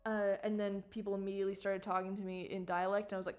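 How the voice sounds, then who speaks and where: Her voice sits at a medium pitch as she talks casually about her work on a live stream. She swears, fakes outrage, laughs quickly, and stays animated throughout.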